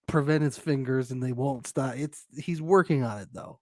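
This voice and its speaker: A man's voice: mid-range voice, normal speed, darkish tone, no echo, clean studio sound. A man co-hosting a podcast, chatting casually, laughing and playfully acting out quotes. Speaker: podcast co-host. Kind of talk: casual recap chat.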